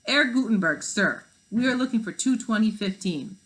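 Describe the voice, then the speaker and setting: A woman voicing a steady young boy who leads the team, speaking calmly and matter-of-factly. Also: medium pitch, normal speed, background noise, voice pushed up, natural voice.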